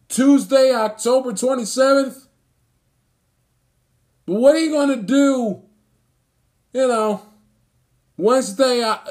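A man ranting about sports, indignant and emphatic, hammering his points by repeating phrases. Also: very high-pitched. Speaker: sports commentator. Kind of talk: angry sports rant.

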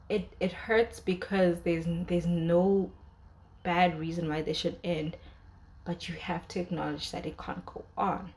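A woman's voice: lowish voice, creaky, darkish tone, a little hiss or hum. A young woman in casual commentary, talking emotionally about a drama's breakup with many fillers and restarts. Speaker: drama reviewer.

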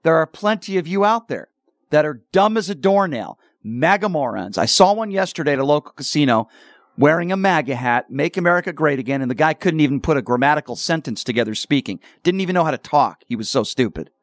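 A man hosting a political talk radio show, speaking combatively and slowing down to stress his points. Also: on the high side, animated, no echo, clean studio sound. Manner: combative, slows down for emphasis.

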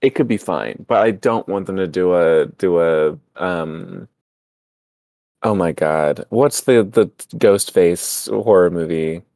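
A man with a fairly low voice chats casually on a podcast, laid-back and often pausing to find the word he wants. The sound is dry and close. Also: warm tone, no room sound. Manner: searching for words, laid-back. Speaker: podcast co-host. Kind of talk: casual chat.

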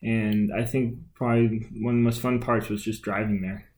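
Young male co-host, soft-spoken and supportive, easygoing chat. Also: fairly low pitch, level tone, normal speed. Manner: gentle, supportive. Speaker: podcast co-host. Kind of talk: casual chat.

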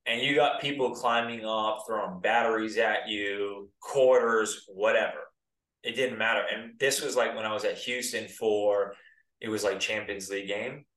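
A former pro soccer player from the United States, a man in his thirties, chats casually as an interview guest in a laid-back, rambling way. His voice is lowish and fairly bright, with a steady tone and moderate pace. The mic is distant and the room sounds roomy.

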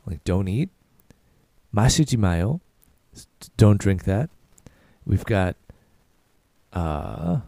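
A man hosts a casual podcast language lesson, his tone warm and mellow and his pitch swinging lively up and down. He repeats each short phrase slowly, then faster. The sound is close and dry, with no room echo. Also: creaky. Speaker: podcast host and Korean teacher.

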